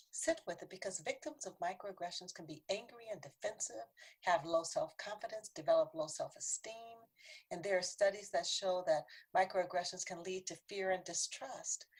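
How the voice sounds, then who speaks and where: Earnest, husky-voiced woman presenter. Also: medium pitch. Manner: earnest, conversational, acts out quoted voices, drops to a whisper for emphasis. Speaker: workshop presenter. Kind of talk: training talk to a city council.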